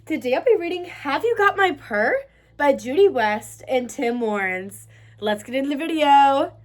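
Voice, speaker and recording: Woman, storybook read-aloud, high voice, lively sing-song. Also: normal speed. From United States. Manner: bright, sing-song and expressive. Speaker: children's book reader, channel host.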